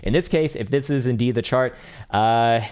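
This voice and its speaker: A man's voice: medium pitch, normal speed, clean tone. A young man hosting a live crypto trading stream, giving casual, profane chart analysis with frequent laughter. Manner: profane, animated, laughs often. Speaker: crypto trading livestream host.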